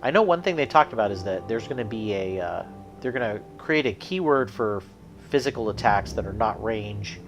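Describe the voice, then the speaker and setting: A man's voice: lowish voice, expressive, normal speed, lo-fi sound, over music. A man streaming a video card game, thinking aloud and explaining the rules as he plays. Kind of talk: casual streaming commentary.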